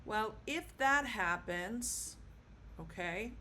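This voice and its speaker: Slow, patient woman teaching. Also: mid-range voice, animated, pushed and bright, slight background noise. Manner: patient, repeats words slowly for learners. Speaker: Spanish teacher. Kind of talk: casual video lesson.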